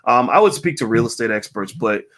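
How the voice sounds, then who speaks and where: A man's voice: medium pitch, very animated, brisk, fairly bright tone. Upbeat man hosting a livestream. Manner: upbeat, reads chat comments aloud, many fillers. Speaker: host answering viewer questions. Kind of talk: casual livestream Q&A.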